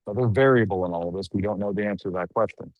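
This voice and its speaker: A middle-aged man delivers a live on-the-scene news report outdoors late at night. His voice sits a bit low, and the sound is dry and close with no room echo. He talks in a loose, conversational way, dropping wry asides between updates. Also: rapid-fire, phone-quality sound. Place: outdoors at night among a crowd.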